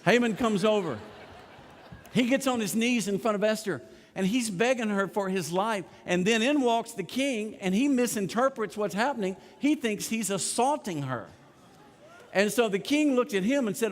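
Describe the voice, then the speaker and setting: Middle-aged male pastor, somewhat high voice, animated storytelling sermon, long hall reverb. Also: moderate pace. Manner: animated retelling, acting out characters' lines. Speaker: senior pastor. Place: large church sanctuary.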